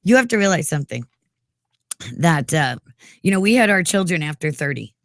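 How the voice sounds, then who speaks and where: A woman's voice: fairly low pitch, sing-song, brisk, no echo, studio quality. A woman in her forties from New York, co-hosting a radio morning show and talking emphatically, sprinkled with "you know". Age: 40s. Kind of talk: casual talk radio chat. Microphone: studio mic.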